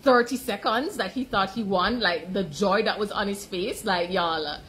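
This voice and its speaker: A woman's voice: medium pitch, moderate pace, fairly bright tone, a little hiss or hum, rough recording. A woman from Jamaica reacting to a race in a casual, emotional chat, full of "like" fillers. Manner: emotional, chatty, laughing, fillers with "like". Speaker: sports fan commentator.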